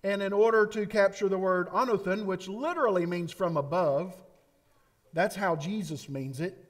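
A man preaching a sermon, emphatic and repetitive, with dramatic pauses. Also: sits high. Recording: long hall reverb.

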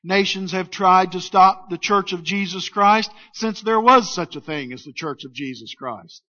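A high-voiced man preaches a sermon at an unhurried pace, pressing each point home with emphatic, weighty phrasing. His voice comes through a dull, lo-fi recording. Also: bright, forceful tone. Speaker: pastor. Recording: dull lo-fi sound.

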